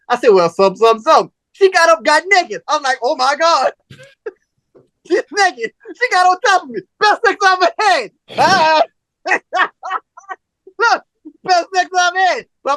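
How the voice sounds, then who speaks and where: Podcast host, male, animated storyteller who plays out every voice in his anecdotes; bright, edgy timbre, dry booth sound. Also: very high voice, no echo. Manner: animated, profane storyteller, acts out both sides of conversations. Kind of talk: casual storytelling chat.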